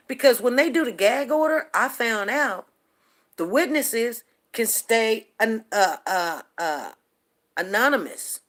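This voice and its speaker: A woman hosting a talk show, rambling and repeating herself as she makes emphatic points to her listeners. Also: on the low side. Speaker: show host. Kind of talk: casual talk-show monologue.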